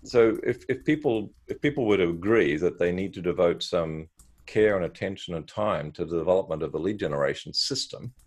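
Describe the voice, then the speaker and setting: Animated, husky storyteller man in his fifties. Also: low-pitched, a little fast. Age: 50s. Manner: animated storyteller with frequent restarts. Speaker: podcast guest, marketing advisor. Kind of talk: casual interview storytelling.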